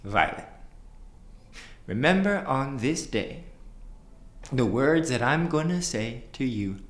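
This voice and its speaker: A man's voice: medium pitch, lively intonation, slow pace, a bit bright, voice pushed up. A man voicing a kind, encouraging male teacher who speaks in an earnest, reassuring way, in a roomy-sounding recording. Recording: roomy echo, faint ambience.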